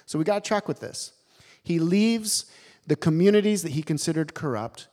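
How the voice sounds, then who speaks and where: A man preaching a sermon, animated and emphatic, telling the story with dramatic pauses. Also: on the high side.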